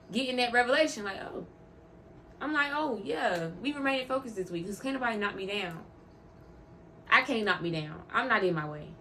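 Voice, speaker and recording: A woman's voice: medium pitch, fairly bright tone, slight background noise. A woman vlogger talking casually about faith, heartfelt and openly emotional, rambling and repeating words for emphasis. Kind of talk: casual faith vlog talk.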